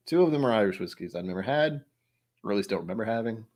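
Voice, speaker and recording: A young man running a whiskey channel chats casually with viewers on a livestream, his low-ish, slightly mellow voice fast and lively in intonation. He rambles, pokes fun at himself, and reacts out loud to the chat.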